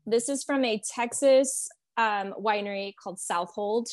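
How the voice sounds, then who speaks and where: A woman's voice: medium pitch, a little slow, no echo. Friendly woman talking wine, dry sound. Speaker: wine guest. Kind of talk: casual chat.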